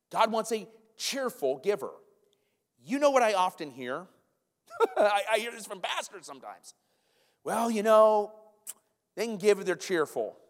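A man preaching a sermon in a church sanctuary, animated, with stumbling restarts and repeated words. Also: on the high side. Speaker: pastor. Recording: long church hall reverb.

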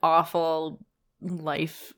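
A woman's voice: sits low, monotone, very slow, fairly bright tone. A woman from Canada co-hosting a podcast, teasing her co-host and laughing often. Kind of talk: casual chat.

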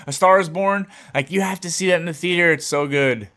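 A man's voice: sits high, a little fast, sharp tone. A young man, a co-host rambling casually over a video call and swearing offhandedly. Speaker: podcast co-host. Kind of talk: casual chat.

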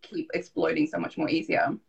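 A woman's voice: sits low, steady tone, brisk, creaky, slightly rough, lo-fi sound. A woman hosting an online parenting event, chatting supportively and thoughtfully with her guest. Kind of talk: casual interview chat.

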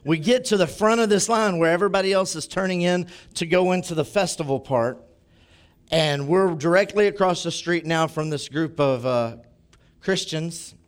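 Male pastor, sermon, chatty storytelling, slightly high voice. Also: moderate pace. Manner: conversational, animated storyteller.

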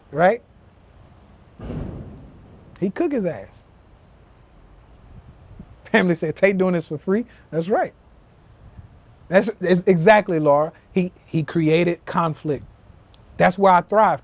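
A high-pitched young man delivering a fired-up motivational rant on a live stream. He swears freely and preaches at his followers, calling them family. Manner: profane, preachy, addresses listeners as family. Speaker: podcast host. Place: live social media stream.

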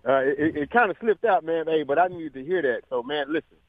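Male radio caller, earnest rambler, quick pace, phone-line sound, dry. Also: on the high side, no room sound. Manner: rambling, earnest, peppered with "man". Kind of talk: phone-in chat.

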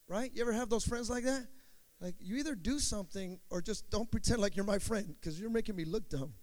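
A male pastor preaching a sermon with call-and-response, swinging between shouted emphasis and hushed storytelling. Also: sits high, a little fast.

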